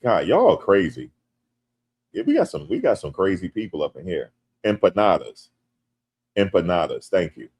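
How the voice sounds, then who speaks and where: A man from the United States hosting a casual livestream. He reads viewer comments aloud and jokes back, turning loud and animated when teased. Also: low voice, fairly quick, husky. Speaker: livestream host.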